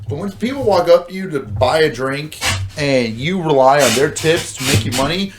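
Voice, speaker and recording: A man's voice: on the high side, lively intonation, moderate pace, over music. A man who bartends, chatting as a guest and trading teasing, profane jokes. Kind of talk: casual chat.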